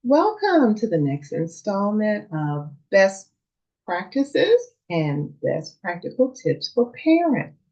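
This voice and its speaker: A woman hosting a parenting channel, calmly retelling something that happened to her, with the dialogue acted out. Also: medium pitch, slow pace. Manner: earnest, calm retelling with quoted dialogue. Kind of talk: storytelling monologue. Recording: dull lo-fi sound.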